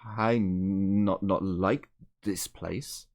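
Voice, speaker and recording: A man voicing a gruff male guide who speaks in broken, clipped phrases. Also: low voice, fairly even intonation, drawn-out words, exaggerated voice. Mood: blunt.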